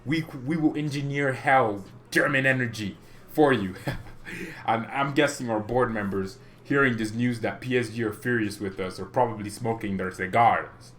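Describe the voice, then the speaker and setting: A young man hosting a football fan channel, ranting casually to camera in an animated, mock-menacing way and chuckling between points. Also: medium pitch, normal speed.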